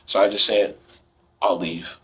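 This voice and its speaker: Halting middle-aged father recounting events. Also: low-pitched, level tone, a bit bright, slight background noise. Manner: rambling, halting, with restarts and slang. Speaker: interviewee, father. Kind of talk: emotional recounting in an interview.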